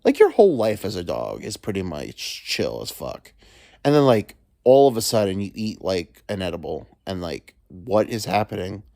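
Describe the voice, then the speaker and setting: A man's voice: low voice, big pitch swings, normal speed, gravelly, warm tone, no echo, studio quality. A man hosting a solo podcast from home, rambling crudely with joking asides. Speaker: podcast host. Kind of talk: casual solo monologue. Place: alone at home.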